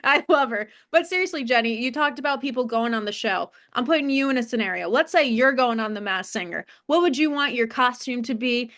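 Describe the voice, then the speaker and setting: A woman's voice: fairly high pitch, animated, brisk, few pauses, fairly bright tone. A woman hosting a casual interview, gushing and reacting eagerly to her guest. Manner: gushing, reacts with gasps and laughs. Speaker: podcast host.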